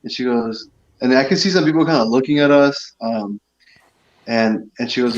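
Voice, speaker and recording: A man's voice: medium pitch, a little fast. A man from San Diego chatting on a podcast, telling a rambling anecdote and putting on playful voices for the people he quotes. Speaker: podcast guest, events director. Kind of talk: casual chat, storytelling. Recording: dull lo-fi podcast audio.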